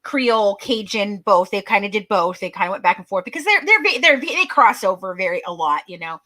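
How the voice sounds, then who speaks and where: A woman's voice: medium pitch, lively intonation, brisk, bright, forceful tone. A woman co-hosting a live chat, rambling along with many restarts. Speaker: podcast co-host. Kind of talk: casual chat on a live stream.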